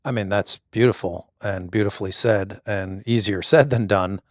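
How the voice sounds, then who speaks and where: A man's voice: on the low side, moderate pace, no echo, clean studio sound. A middle-aged man reflecting thoughtfully and hesitantly in a casual conversation, often restarting his sentences. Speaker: guest, husband.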